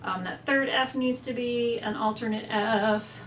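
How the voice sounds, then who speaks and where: A woman's voice: on the high side, unhurried, slight background noise. A woman giving a chatty music lesson, now and then singing phrases out on syllables. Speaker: music teacher. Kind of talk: instrument lesson walkthrough. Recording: echoey room, faint ambience.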